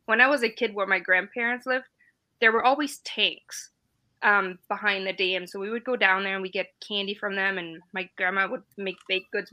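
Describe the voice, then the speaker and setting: On a live stream, a veteran guest, a woman in her forties from East Germany, chats casually and tells animated stories, laughing a lot. Her voice sits in the mid range, and the audio quality is poor.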